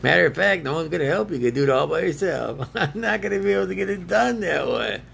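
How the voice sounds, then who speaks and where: A man's voice: fairly high pitch, lively intonation, fast talker, creaky, a bit bright, a little hiss or hum. A man rambling to himself with frequent laughs, arguing back and forth as if two people were talking. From United States. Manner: laughs often, argues with himself in two voices. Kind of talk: rambling self-talk monologue.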